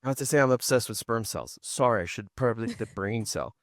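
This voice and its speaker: A man hosting a casual talk show, animated, swearing and stumbling over his words. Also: medium pitch, a little fast, no echo, clean studio sound. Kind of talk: casual chat.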